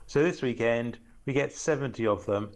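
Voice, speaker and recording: A man's voice: mid-range voice, normal speed. A man from Norfolk ranting angrily in a recorded voice note to a radio phone-in. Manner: angry, ranting. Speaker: caller.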